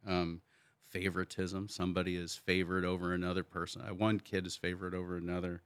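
An older man talking in a relaxed, reflective way, telling stories and laughing easily in a casual conversation. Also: deep voice, a little fast, clear, resonant tone, no echo.

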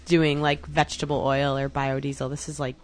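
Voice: medium pitch, flat delivery, a little fast. A radio co-host chatting casually, giggling often and teasing the others.

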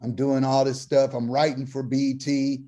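A man's voice: medium pitch, level tone, moderate pace, mellow. A man telling a long personal story in casual slang, laughing at his own punchlines as he goes. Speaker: guest comedian telling a life story.

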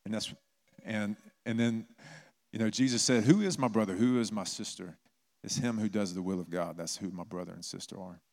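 A man's voice: lowish voice, fairly even intonation, brisk, gravelly, darkish tone. A man preaching a sermon as a pastor, telling stories in a conversational way. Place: church. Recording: long reverb of a church hall.

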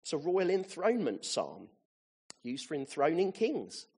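A man preaching a sermon to his congregation, animated, with his voice rising to excited peaks. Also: on the high side, measured pace, breathy edge.

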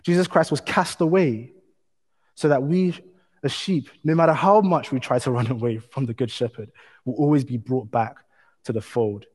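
A man preaching a sermon at a middle pitch, measured and emphatic, stacking repeated phrases. His voice rings out in a hall with a long reverb tail. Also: darkish tone, husky. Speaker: pastor.

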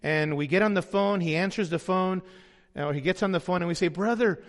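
A man's voice: high-pitched, fairly quick. A male pastor preaching a sermon, emphatic and often asking his audience questions. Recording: long hall reverb.

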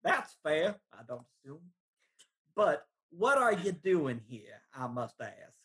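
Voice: mid-range voice, big pitch swings, slow, a bit bright, breathy edge, full character voice. A game master voicing a menacing old male farmer with a Southern drawl who rules a flock of turkeys, giving grandiose, scornful speeches. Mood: wary. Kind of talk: tabletop game role-play.

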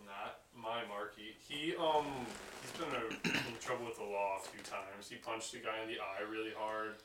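A young man trading dry, playful remarks on a casual podcast. He sits a little away from the mic, so the room rings around his voice. A clear hiss of noise runs underneath. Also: on the low side, steady tone, normal speed, distant mic. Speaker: podcast co-host. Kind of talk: casual chat. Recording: roomy sound from off the mic with noise.

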